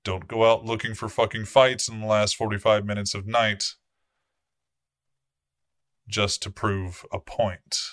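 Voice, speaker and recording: A man's voice: on the low side, little pitch movement, fairly bright tone, no echo, studio quality. A man playing a cold, commanding vampire prince. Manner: authoritative, measured orders with blunt swearing.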